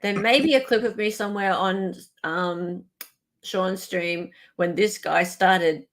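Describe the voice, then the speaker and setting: An Australian woman hosts a live stream and keeps up a joking, chatty banter. Her pitch sits in the middle range for a woman, and she drops in quick asides and apologies as she talks. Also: steady tone. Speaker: livestream host. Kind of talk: casual live-stream chat.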